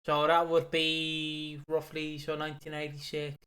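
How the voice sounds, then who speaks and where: A man's voice: fairly high pitch, unhurried. A young man co-hosting a podcast, chatting casually about wrestling, rambling and swearing a lot as he tells stories. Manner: rambling, swears often, excitable storyteller. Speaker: podcast co-host.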